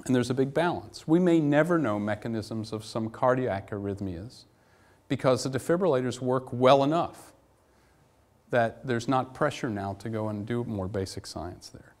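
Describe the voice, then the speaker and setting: Man, middle-aged, conference lecture, lively storytelling, wry humor, mid-pitched voice. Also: normal speed. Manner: animated, anecdotal, wry asides. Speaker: academic lecturer. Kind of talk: conference talk. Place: lecture hall.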